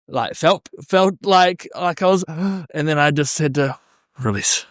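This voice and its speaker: Relaxed New man hosting a podcast. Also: a little high, measured pace, dry recording, studio quality. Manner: relaxed, reflective, swearing. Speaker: podcast host. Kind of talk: casual podcast chat.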